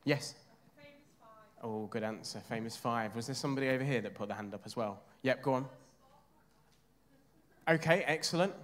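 A man from England preaching a sermon, chatting with his congregation and asking them questions. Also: fairly high pitch.

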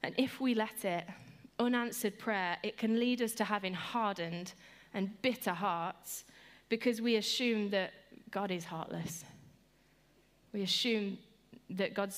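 A woman giving an earnest sermon, repeating phrases and slowing down to stress them, lively when she tells stories. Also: mid-range voice. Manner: earnest and repetitive, slowing for emphasis; animated when telling stories. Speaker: speaker giving a devotional talk.

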